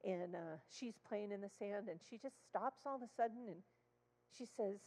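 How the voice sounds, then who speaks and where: A woman speaking in church as a child therapist, telling a story with animated acted-out dialogue. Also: mid-range voice, moderate pace. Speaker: child therapist sharing testimony. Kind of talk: storytelling sermon. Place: church sanctuary. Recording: long hall reverb.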